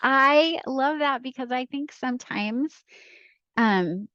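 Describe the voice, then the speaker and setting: A woman's voice: high-pitched, slow, sharp tone, no room sound, highs cut off. A middle-aged woman, a coach and podcast guest, chatting casually and affirming often with "right" and "you know". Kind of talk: casual conversation.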